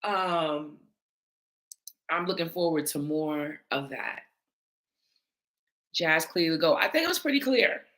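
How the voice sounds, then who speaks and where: Low-voiced, forceful woman commentator. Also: lively intonation, takes it slowly, pauses often. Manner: blunt, emphatic, swears freely. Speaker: battle rap panelist responding to viewer comments. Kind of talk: candid casual commentary.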